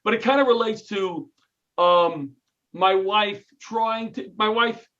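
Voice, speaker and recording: A middle-aged man from New York tells stories in an interview with a comic's timing, slipping into other people's lines as he goes. His voice sits high for a man. The sound is a bit dull and lo-fi. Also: takes it slowly. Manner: animated, jokey storyteller who acts out quotes. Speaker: comedian and retired firefighter, guest. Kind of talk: storytelling interview.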